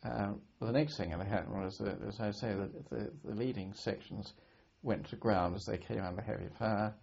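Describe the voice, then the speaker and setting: An older man from Britain, a war veteran, recalling his service in an oral history interview, speaking haltingly with many restarts and repeated words. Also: fairly low pitch, gravelly, darkish tone, slightly rough. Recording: dull lo-fi archive recording.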